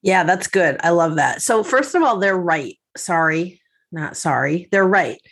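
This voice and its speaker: A woman hosting a podcast as a life coach, talking in a lively, teasing and directive way. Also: on the low side, unhurried, breathy edge.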